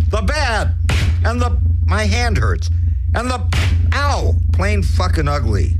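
A man hosting a crude comedy show, rambling through raunchy shout-outs and dirty rhymes. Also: sits high. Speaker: host.

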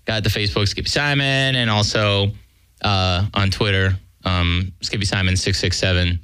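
A man's voice: fairly low pitch, steady tone, normal speed, bright, forceful tone, clear, resonant tone, no room sound. A man chatting casually as a podcast guest, laid-back and rambling with lots of fillers. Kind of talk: casual chat.

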